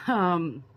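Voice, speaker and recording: Slow-talking ranting woman vlogger. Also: fairly low pitch. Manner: chatty, ranting, laughs often, repeats words. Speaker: host of a prepping channel. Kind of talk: casual opinion vlog.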